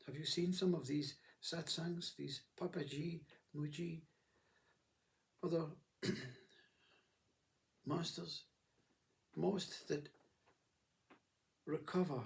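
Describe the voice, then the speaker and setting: A man's voice: on the high side, vocal fry, a little mellow, far from the mic. A man giving a reflective spiritual talk who acts out inner voices as he speaks. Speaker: spiritual teacher.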